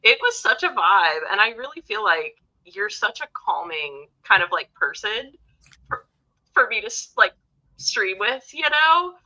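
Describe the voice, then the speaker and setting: A woman joins a casual livestream as a guest and chats in an upbeat way. Her voice is bright and a little tense. Her pitch moves a lot as she talks. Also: very animated, measured pace, rough recording. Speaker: guest streamer.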